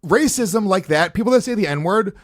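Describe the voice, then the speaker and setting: A man hosting a podcast, swearing freely as he tells animated stories. His voice sits a touch high for a man, and the recording is dry and close, with no room sound. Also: normal speed, dry recording. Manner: profane, animated storytelling. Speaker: podcast host. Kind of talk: casual podcast chat.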